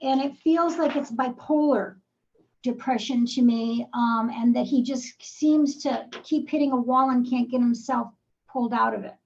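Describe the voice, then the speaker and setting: Gravelly high-voiced woman medium. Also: measured pace, dull audio. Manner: probing questions, calls the sitter darling and sweetheart. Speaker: psychic medium. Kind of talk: live reading.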